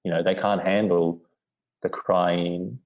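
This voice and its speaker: Deep flat-voiced man, rambling. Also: takes it slowly. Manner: rambling, many "you know" fillers and restarts. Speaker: podcast guest. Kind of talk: reflective storytelling. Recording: dull lo-fi audio.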